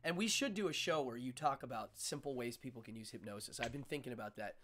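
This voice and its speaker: A man hosting a casual interview chat, telling stories in an animated, excitable way. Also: medium pitch, fast. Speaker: host.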